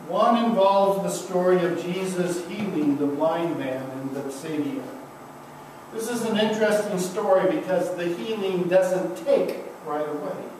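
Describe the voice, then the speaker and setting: A man preaching a sermon as pastor, building slow, emphatic repeated refrains. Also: high voice, a little mellow, slight background noise. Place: church sanctuary. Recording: echoey church from a distance.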